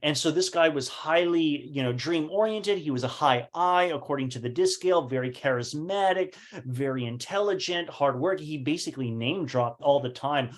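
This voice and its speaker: Man, animated storyteller, somewhat high voice, rhetorical questions, acts out conversations. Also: moderate pace, hardly any pauses. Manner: many fillers and restarts, rhetorical questions. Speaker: speaker sharing his business story. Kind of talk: casual motivational talk.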